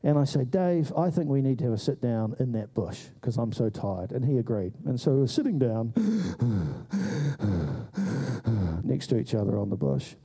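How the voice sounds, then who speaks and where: A man's voice: mid-range voice, unhurried, breathy edge. A man telling a story in a sermon, acting out the voices of the people in it. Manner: animated storyteller who acts out voices. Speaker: preacher.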